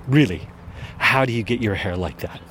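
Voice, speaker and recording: A man's voice: fairly low pitch, normal speed, a bit bright, a little hiss or hum, close to an everyday voice. An insistent, curious woman friend who keeps pressing for answers, as a man quotes her in his own slightly raised voice. She pushes eagerly and won't let the question drop.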